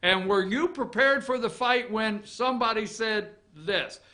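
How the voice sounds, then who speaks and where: Brief: male talk host, high-pitched sharp voice, mocking rant with profanity. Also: unhurried. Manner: sarcastic, ranting, swears freely; laughs at own jokes. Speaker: political opinion show host. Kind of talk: off-the-cuff political commentary.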